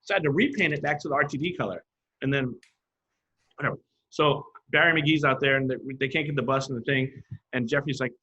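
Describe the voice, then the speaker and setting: A man with a husky, slightly rough voice, recounting stories in a loose, animated way. He slips into other people's voices when he quotes them. The audio is a little dull, like a modest podcast setup. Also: mid-range voice, quick pace. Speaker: graffiti artist guest. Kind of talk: casual storytelling.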